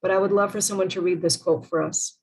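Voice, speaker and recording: A woman's voice: fairly low pitch, steady tone, fast talker, darkish tone, breathy edge, low-quality recording. A woman presenting an online workshop over a video call, earnest and emphatic, often asking the group questions.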